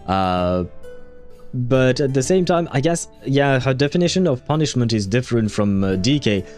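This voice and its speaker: Guy streaming a game, rambly w lots of ums, lively up-down pitch, laughs a lot. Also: normal speed, faint music behind. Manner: rambling, filler-heavy, laughs often; swears when frustrated. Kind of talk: casual gaming commentary.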